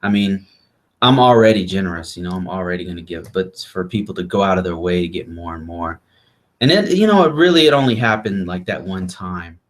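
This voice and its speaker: A young man in a casual chat, telling a travel story with lively quoted voices and restarts. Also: low-pitched, a little fast. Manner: animated, acts out quotes of others. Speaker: vlog host.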